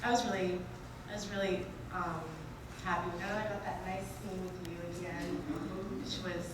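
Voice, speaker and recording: Animated woman actor in an echoey hall. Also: lowish voice, a little fast. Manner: animated, emotional storytelling with laughs. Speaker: actor on a convention panel. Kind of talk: casual panel storytelling. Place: large convention hall. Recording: echoey noisy hall from far off.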